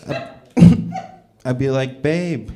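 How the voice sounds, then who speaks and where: A young man doing a stand-up set at an open mic, with a loose, halting delivery full of ums. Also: medium pitch, expressive. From Canada. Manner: laid-back, halting delivery with many ums. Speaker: stand-up comedian. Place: small comedy venue with a live audience.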